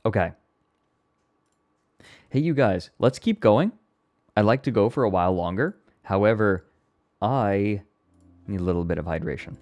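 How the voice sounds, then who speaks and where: A man hosting a casual live stream, chatty and quick to laugh, with a slightly irritated throat. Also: lowish voice, lively intonation, darkish tone. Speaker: streamer reviewing viewer submissions.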